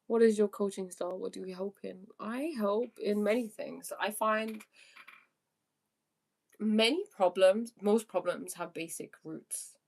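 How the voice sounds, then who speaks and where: A woman's voice: medium pitch, a little mellow. A young woman coaching on a live stream, answering viewer questions one by one. She speaks earnestly about spiritual ideas and laughs easily. She reads each question aloud before she answers. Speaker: life coach.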